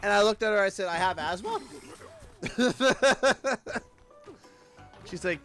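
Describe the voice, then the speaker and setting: A man from Canada chatting casually on a game livestream, telling a story with lively quoted voices. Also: high-pitched, unhurried, long pauses. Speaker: streamer. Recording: faint music behind.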